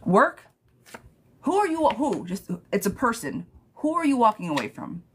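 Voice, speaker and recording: A woman's voice: medium pitch, big pitch swings, normal speed, fairly bright tone, slight background noise. A woman reading tarot live for viewers, chatting casually and laughing often. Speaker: tarot reader.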